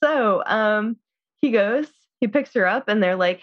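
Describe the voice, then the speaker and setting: A woman's voice: mid-range voice, lively intonation, measured pace, no echo. A woman casually recapping a film in a chatty, filler-heavy way, acting out the characters' lines. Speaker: podcast co-host. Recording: slightly dull dry sound.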